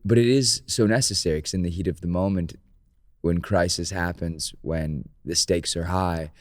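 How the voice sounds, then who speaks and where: A man co-hosting a podcast in casual chat, animated and quick, with laughing asides. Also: low-pitched, dry recording, clean studio sound. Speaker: podcast co-host. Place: podcast studio.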